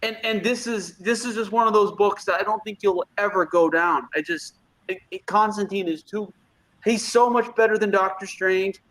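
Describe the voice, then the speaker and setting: A man's voice: high-pitched, normal speed, a bit bright, poor audio. A man co-hosting a casual pop-culture podcast, talking in a blunt, profane, opinionated way. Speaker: podcast co-host.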